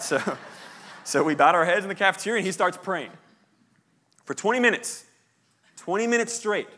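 A man preaching a sermon in a church, telling a story with animated, rising emphasis. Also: high voice, moderate pace, pauses often. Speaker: pastor. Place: church auditorium.

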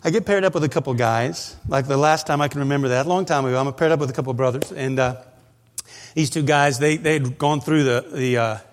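A male pastor preaching a conversational sermon, moving into animated storytelling. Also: mid-range voice, fairly quick, slight background noise.

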